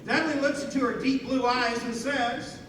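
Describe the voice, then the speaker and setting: A woman's voice: high-pitched, steady tone, normal speed. A woman narrating a comedy skit and directing the actors, with playful asides to the audience, heard from far off in a hall with a crowd. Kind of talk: reading a skit script aloud and directing actors. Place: large hall with a live audience.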